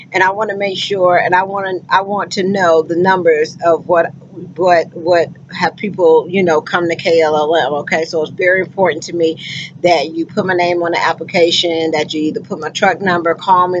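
A woman's voice: fairly low pitch, muffled recording, slight background noise. Effusive folksy woman trucker. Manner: effusive and folksy, keeps calling listeners honey and child. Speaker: truck driver and driver recruiter. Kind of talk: casual vlog talk to viewers.

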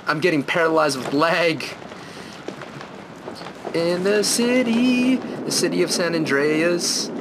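A young man commentating on a video game from his room at home, excitable and rambling, now and then breaking into snatches of song. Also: mid-range voice, background noise. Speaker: gameplay commentator. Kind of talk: gameplay commentary.

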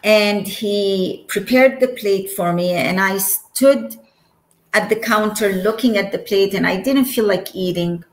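A woman from Egypt in her forties, telling her personal near-death story as an interview guest, earnest and searching, with quick giggles and restarts. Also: mid-range voice, roomy sound, poor audio. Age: 40s. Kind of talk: emotional personal testimony.

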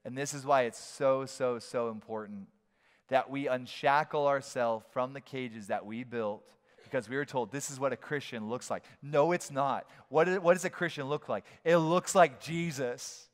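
A man preaching a sermon as a pastor, animated and playful, now and then acting out shouted voices. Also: mid-range voice, normal speed. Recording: long hall reverb.

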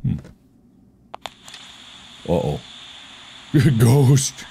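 A man's voice: mid-range voice, big pitch swings, very slow, vocal fry, mellow, slight background noise. A man playing a horror game alone, teasing and taunting an unseen ghost with sudden yelps. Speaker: game streamer.

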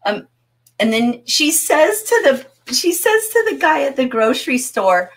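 Lively woman teaching a literature class. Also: high-pitched, measured pace. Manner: animated, chatty, reads chat comments aloud.

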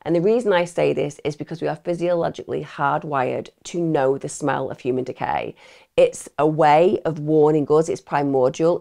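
A woman's voice: sits low, gravelly, dark tone. A woman hosting true crime commentary, blunt, opinionated and conversational. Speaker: true crime channel host.

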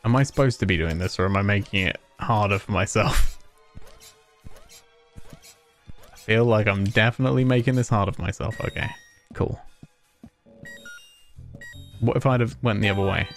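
A man's voice: lowish voice, measured pace, pauses often, faint music behind. A man streaming a video game, chatting casually in a rambling, self-mocking way with frequent chuckles. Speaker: gaming streamer. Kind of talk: casual let's-play commentary.

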